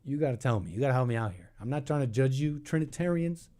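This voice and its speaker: A man's voice: medium pitch, expressive, quick pace, dark tone. A young man hosting a call-in show, rambling and thinking aloud in casual talk, with many restarts.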